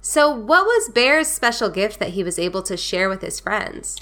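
A woman hosting a children's storytime podcast, talking in a gentle, friendly, unhurried way. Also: mid-range voice, very animated. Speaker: podcast host.

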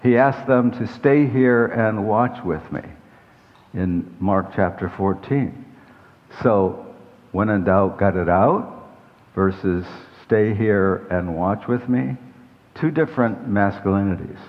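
Low-voiced older man preaching in an echoey hall. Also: slow. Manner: conversational, rambling, self-deprecating asides. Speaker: pastor. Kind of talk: sermon. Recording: echoey hall, dull lo-fi sound.

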